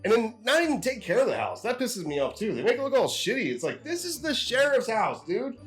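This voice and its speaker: A man's voice: very high voice, huge pitch swings, fairly quick, fairly bright tone, slightly rough, faint music behind. A man co-hosting a casual film discussion, who talks bluntly and rants with lots of swearing. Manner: blunt, profane, ranting. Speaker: podcast co-host.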